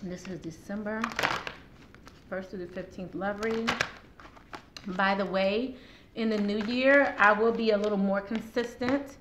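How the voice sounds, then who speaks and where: A woman gives a casual tarot reading to camera with a sore throat, speaking at a measured pace in a medium-pitched voice with fairly even intonation and long pauses. She addresses viewers directly and laughs often, against a roomy echo and faint background noise.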